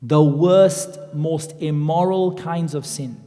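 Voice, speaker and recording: Male preacher, animated and conversational, somewhat high pitch, recorded in an echoing mosque hall. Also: takes it slowly. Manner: animated and conversational, acting out quoted voices. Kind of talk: Islamic lecture.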